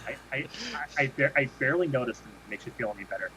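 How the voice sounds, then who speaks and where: This podcast co-host is a man with a mid-range, expressive voice who talks fast, sounding bright and forceful. His casual chat rambles and keeps restarting, captured in dull lo-fi audio with faint noise.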